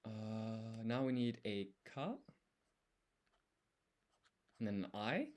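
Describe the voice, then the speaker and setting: A man's voice: on the low side, animated, slow pace, darkish tone. A man streaming his language study, talking himself through each step as he writes. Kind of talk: thinking aloud while writing.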